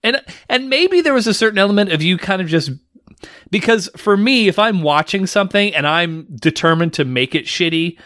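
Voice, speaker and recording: Male podcast co-host, teasing recap voice, bright tone, very dry close sound. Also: sits high, lively intonation, moderate pace, no echo. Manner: teasing, recaps match play by play. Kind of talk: casual wrestling recap chat.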